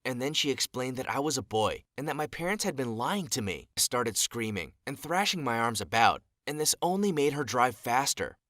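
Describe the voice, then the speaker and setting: A young man narrating an animated story in an earnest, dramatic storytelling manner, recalling his childhood. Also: mid-range voice, moderate pace, hardly any pauses, no room sound, studio quality.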